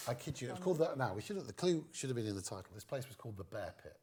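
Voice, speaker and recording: Lively man telling comedy stories. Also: mid-range voice, quick pace, slight background noise. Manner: lively storyteller who acts out quoted lines. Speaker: guest comedian. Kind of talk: anecdotal storytelling in an interview.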